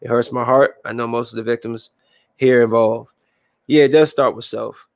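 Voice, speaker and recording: A man's voice: mid-range voice, moderate pace, gravelly, dry recording. Man riffing on the news, dry sound. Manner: rambling, loose, stops to react and vent; reads headlines aloud in a flatter tone. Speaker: commentator reading news headlines. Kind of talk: casual solo commentary. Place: room with a window.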